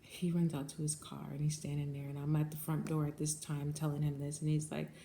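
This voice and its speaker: A woman's voice: low-pitched, steady tone, brisk, few pauses, mellow. Earnest woman telling a story to camera. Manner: earnest, repetitive, addresses viewers as guys. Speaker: bagel shop general manager. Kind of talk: casual storytime vlog. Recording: echoey room, faint background noise.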